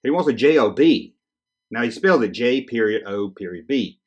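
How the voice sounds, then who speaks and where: A man's voice: medium pitch, lively intonation, normal speed, muffled recording. A man hosting a podcast, reading children's letters aloud in a casual, joking way with teasing asides. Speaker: podcast host.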